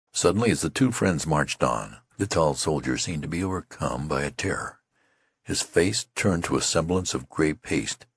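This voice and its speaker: A man reading a novel aloud as an audiobook narrator in a measured, deliberate way. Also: a bass voice, breathy edge, no room sound, clean studio sound.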